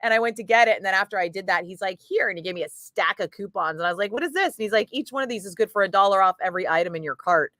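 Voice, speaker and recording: A middle-aged woman chats loosely with her viewers, jumping between stories and offhand swearing. Her voice sits at an ordinary pitch and comes across close and dry, with no room sound around it. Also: racing, hardly any pauses, no echo. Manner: chatty, animated storyteller, swears casually. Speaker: radio DJ chatting with live viewers. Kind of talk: casual livestream chat.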